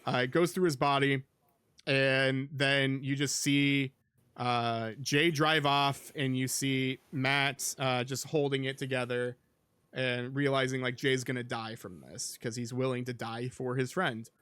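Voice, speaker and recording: A man hosts a casual podcast and rambles through a film recap, padding it with fillers. His voice is smooth and clear at a middle pitch. The sound is dry and close. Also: flat delivery, measured pace, a bit bright, dry recording. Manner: rambling, filler-heavy, with many ums and likes. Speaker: podcast host.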